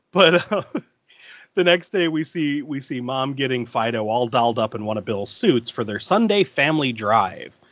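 A man's voice: medium pitch, measured pace, no echo, lo-fi sound. A man co-hosting a podcast, recapping a film scene by scene in casual chat and laughing often. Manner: laughs often, lively storytelling with restarts.

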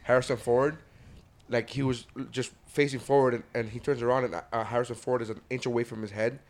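A man's voice: medium pitch, brisk. A man in casual chat, telling stories animatedly and swearing often. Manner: animated storyteller, swears often, acts out quotes.

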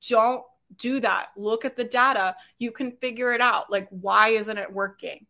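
A woman's voice: on the high side, steady tone, moderate pace, bright, forceful tone. A woman business coach giving a live training, upbeat and chatty, laughing often and checking in with "right?".

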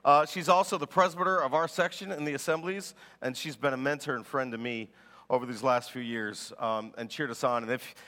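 A man preaching a sermon as pastor, telling stories in an animated way and laughing as he goes. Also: medium pitch, fairly quick, in a large hall.

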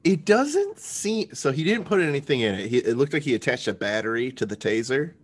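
Animated man riffing on a show. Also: mid-range voice, a little fast. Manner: animated, jokey, acts out lines from the show. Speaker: podcast co-host. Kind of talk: casual chat recapping a TV episode.

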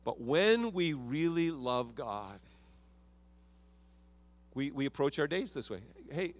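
A man preaching a sermon as pastor of a church, animated and acting out prayers and quotes in his own voice. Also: a little high, takes it slowly, pauses often.

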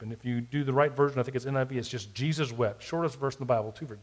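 A male pastor preaching a sermon in a reflective way, moving between soft, quiet asides and emphatic declarations. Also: mid-range voice, rapid-fire, hardly any pauses. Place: church or podcast recording.

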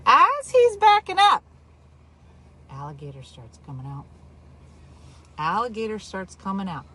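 A woman from New Jersey telling a story in casual chat, animated and exaggerated, with quick asides. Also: high-pitched.

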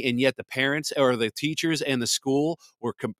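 A man's voice: medium pitch, moderate pace, few pauses, a bit bright, no echo. A man hosting a podcast, ranting in blunt, profane, heated commentary. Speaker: podcast host. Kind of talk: angry commentary.

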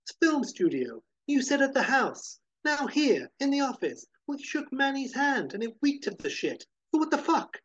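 A tough, sardonic detective, gruff and sarcastic, who swears freely, as a man puts him on. When worked up, the voice climbs high. The husky sound comes through a dull, lo-fi recording. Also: normal speed.

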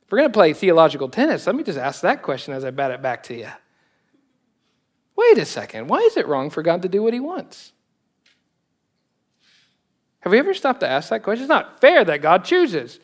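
A Texan man preaching in a chatty, joking way, laughing now and then. His voice sits a bit high for a man. He drives his points home with sudden animated questions. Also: moderate pace. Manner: conversational, joking, laughs often, animated emphasis. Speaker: pastor. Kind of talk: sermon.

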